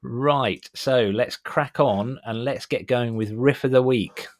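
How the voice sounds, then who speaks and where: A British man hosting a music podcast, joking and swearing in a casual, deadpan way. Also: mid-range voice, takes it slowly, dry recording. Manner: jokey, sweary, deadpan disclaimers. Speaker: podcast host. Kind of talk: casual chat.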